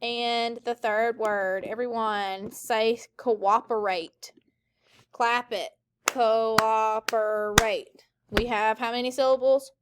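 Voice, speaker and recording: A woman teacher giving a recorded phonics lesson, sounding out words clearly in call-and-response drills for the class. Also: on the high side, steady tone, takes it slowly, slight background noise.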